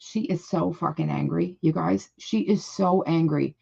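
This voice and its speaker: A woman's voice: lowish voice, a little slow, gravelly, mellow, breathy edge, dull audio. A woman hosting a live reaction stream, reading comments aloud and reacting in a blunt, indignant way with plenty of swearing. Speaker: livestream reaction host.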